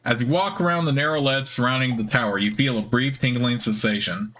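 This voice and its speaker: Man, let's play host, casual commentary, relaxed, chatty, reading game text aloud. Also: medium pitch, a little fast. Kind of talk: casual gameplay commentary and narration.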